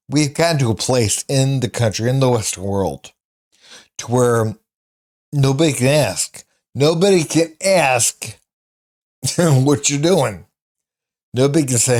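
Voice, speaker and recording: A man's voice: medium pitch, darkish tone. A man giving casual commentary on clips, repeating and restating his points emphatically. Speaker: online commentator.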